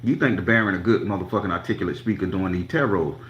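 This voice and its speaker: A man's voice: deep voice, fast talker, roomy sound, a little hiss or hum. A man telling a profane story to his channel, acting out each quote with emphasis. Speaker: tarot reader and channel host.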